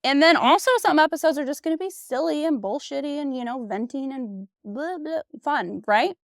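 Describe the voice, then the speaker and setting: A woman's voice: high-pitched, moderate pace, dry recording. A woman in her thirties hosting her own podcast, talking in a candid, blunt way, swearing freely and filling her talk with "like" and "you know", recorded on a close mic. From United States. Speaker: podcast host. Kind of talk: casual solo podcast monologue.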